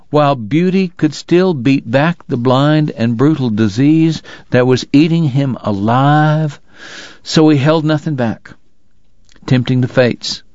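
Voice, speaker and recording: A man reading an audiobook in a slow, measured, dramatic narration. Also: medium pitch, a little mellow, dry recording, dull audio. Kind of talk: scripted narration.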